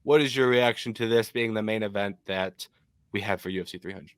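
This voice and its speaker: A young adult man from Michigan co-hosting a casual MMA podcast, opinionated and animated with frequent ums. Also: fairly low pitch, brisk, smooth, no room sound, clean studio sound.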